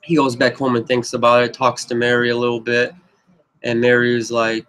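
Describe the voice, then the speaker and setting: Speaking directly to the camera, a man pitches his own script in a loose, meandering way, repeatedly circling back with "you know" and "but yep." His middle-pitched voice stays flat with little rise or fall, and he talks fairly quickly over poor audio.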